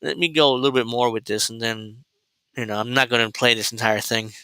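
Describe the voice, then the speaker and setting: A man's voice: medium pitch, steady tone, a little fast, bright, forceful tone, clear, resonant tone, no room sound, low-quality recording. A man hosting a political commentary livestream, rambling and sarcastic, full of fillers and restarts. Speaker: host.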